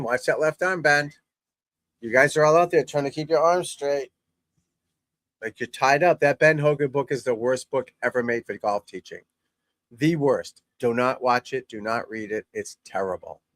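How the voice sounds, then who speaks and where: A middle-aged man with a medium-pitched voice and no room sound, a golf instructor who hosts a channel. He chats bluntly and casually while watching golf on TV, rambling and swearing freely.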